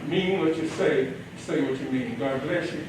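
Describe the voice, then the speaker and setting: A man's voice: on the high side, normal speed, noisy background. A man giving a public comment to a town council, exhorting them in a preacher-like way as he spells out an acronym. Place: large echoey council chamber. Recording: echoey chamber audio from far off.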